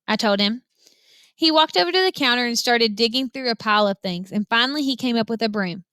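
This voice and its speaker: A woman reading a children's novel aloud with lively, expressive storytelling. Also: on the high side, moderate pace, no room sound. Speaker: reader.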